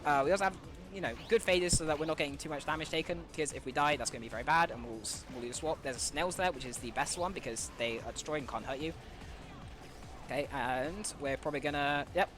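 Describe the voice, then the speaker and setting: Fast-talking, breathless speedrunner. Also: male voice, on the high side, over music. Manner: fast, eager, with frequent fillers. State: out of breath, sore throat. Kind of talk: live gameplay commentary.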